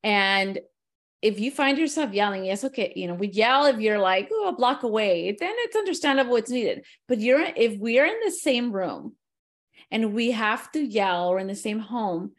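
A woman talking in an easy conversational flow, swinging between English and Spanish mid-thought. Her pitch sits in a middle register and moves a lot, animated and quick to laugh. It sounds like relaxed talk between friends. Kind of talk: casual conversation.

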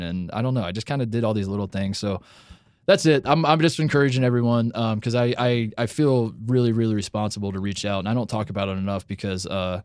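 A man's voice: fairly low pitch, fast talker, darkish tone, no echo, clean studio sound. A young man hosting a casual podcast, rambling with lots of restarts and stammered repeats. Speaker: podcast host.

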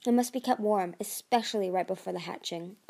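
A woman's voice: mid-range voice, a little fast, creaky, mellow. A woman reading aloud and voicing a proud, stubborn dragon queen who speaks in a commanding, dismissive way. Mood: imperious. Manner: imperious, dismissive.

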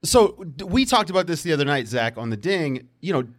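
A man with a slightly high voice arguing basketball on a podcast. He gives blunt opinions, and his pitch jumps up and down a lot as he stresses his points. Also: brisk. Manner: lively, opinionated. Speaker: podcast co-host. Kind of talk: casual sports chat.

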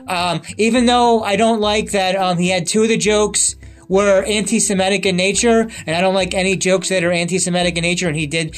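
A man's voice: high-pitched, fairly even intonation, a little fast, soft background music. A man hosting a podcast in casual chat, rambling through topics with many fillers and restarts. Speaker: podcast host.

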